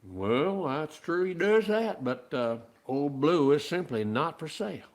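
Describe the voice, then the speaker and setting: Man playing a stubborn rural farmer, quiet low drawl. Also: sing-song, a little slow. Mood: calm. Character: slow-talking rural male farmer, calm and stubborn.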